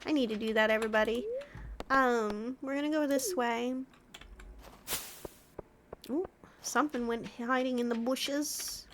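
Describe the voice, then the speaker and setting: A woman's voice: a little high, steady tone, measured pace, long pauses, slight background noise. A woman streaming a farming game from home, chatting playfully with her viewers and the game's characters. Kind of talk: casual gameplay chat with viewers.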